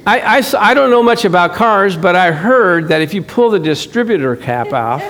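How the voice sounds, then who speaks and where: A middle-aged man preaching a sermon, telling a married-life story with animated acted-out dialogue and frequent chuckles. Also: high voice, normal speed. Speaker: pastor. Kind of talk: sermon with personal stories.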